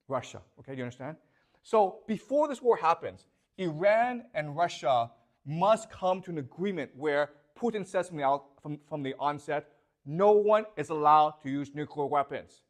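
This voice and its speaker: A man's voice: on the high side, sing-song, moderate pace. A man giving a classroom lecture, posing rhetorical questions and constantly checking that his students follow.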